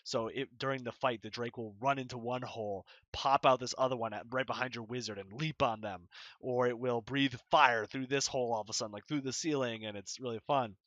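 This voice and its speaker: Bright-voiced, rambling young dungeon master. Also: male voice, medium pitch, fairly even intonation, brisk, no room sound, muffled recording. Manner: rambling, loose, full of fillers. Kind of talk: casual game-master advice.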